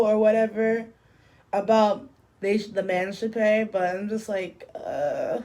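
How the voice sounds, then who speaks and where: Young woman, beauty vlogger, casual storytime, slow delivery, mid pitch, chatty, lots of "like". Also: mellow. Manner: chatty, filler-heavy with frequent "like" and "literally". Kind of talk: casual storytime while doing makeup.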